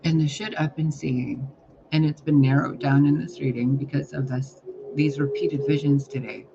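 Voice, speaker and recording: A man giving a casual spiritual reading, talking in a rambling, profane, animated way. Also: a little high, normal speed, vocal fry, background noise. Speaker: spiritual reader. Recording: dull lo-fi recording.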